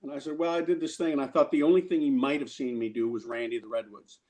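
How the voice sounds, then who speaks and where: A man's voice: medium pitch, fast. A male guest actor telling a casual, funny anecdote, stammering now and then and acting out what other people said. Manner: animated storyteller who acts out other people's lines.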